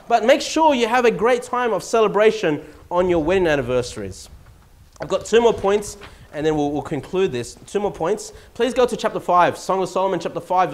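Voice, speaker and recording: Middle-aged aussie pastor preaching, high voice, chatty, gets loud and emphatic. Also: male voice. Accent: Australian. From Australia. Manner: conversational preaching with rising emphatic peaks. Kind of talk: sermon. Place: church.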